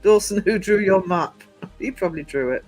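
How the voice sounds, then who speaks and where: A man with a fairly high voice hosts a casual live podcast stream, reading the chat and greeting people. He laughs easily and teases his guests, and faint music runs underneath. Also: moderate pace, darkish tone, low-quality recording. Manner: laughing, teasing, greets chatters as darling.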